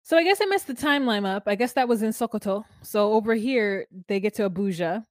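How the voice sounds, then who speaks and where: A woman's voice: medium pitch, expressive, fast talker, no room sound, clean studio sound. A woman co-hosting a podcast, recapping a reality show in casual, joking chat. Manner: chatty, joking, sings silly made-up lyrics. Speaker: podcast co-host.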